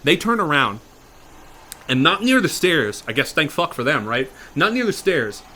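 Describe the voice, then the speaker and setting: A man improvising a horror story in a casual, profane way, dropping to a hush and then getting loud. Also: fairly high pitch, big pitch swings, moderate pace, a little hiss or hum. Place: virtual reality chat room.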